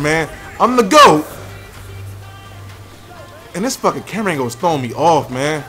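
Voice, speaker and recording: A young man commentating his own basketball video game, loudly cursing and trash-talking his teammates. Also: a little high, very animated, normal speed, pauses often, soft background music. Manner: loud, profane trash talk at teammates. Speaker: gamer. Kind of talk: live gameplay commentary.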